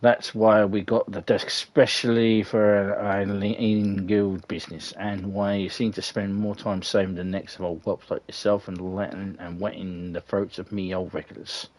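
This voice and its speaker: A man voicing a gruff middle-aged tavern keeper with a put-on Scottish accent, reading rough-spoken game dialogue aloud in character. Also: lowish voice, level tone, a little slow, hardly any pauses, a little mellow, natural voice.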